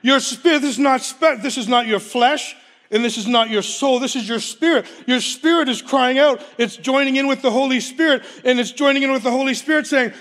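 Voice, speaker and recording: A man's voice: extremely high pitch, fairly quick, a bit bright. A man preaching a sermon, emphatic, repeating key phrases and laughing between points.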